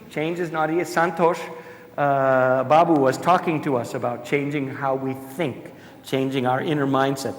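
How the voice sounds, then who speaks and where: Brief: a man as a keynote speaker, slightly high voice, playful and chatty with the crowd, echoing hall with long reverb. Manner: animated, jokey, talks to the audience. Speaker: conference speaker. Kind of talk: conference keynote talk. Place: large conference hall.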